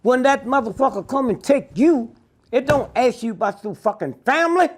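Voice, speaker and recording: A man's voice: very high-pitched, lively intonation, moderate pace. An older man, telling stories bluntly and profanely in an interview, keeps asking "Huh?". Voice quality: gravelly and husky.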